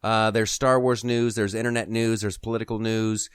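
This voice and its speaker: A man's voice: on the low side, flat delivery, normal speed, clear, resonant tone, no echo, clean studio sound. A man hosting a casual comedy podcast, joking and rambling, laughing often. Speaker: podcast host.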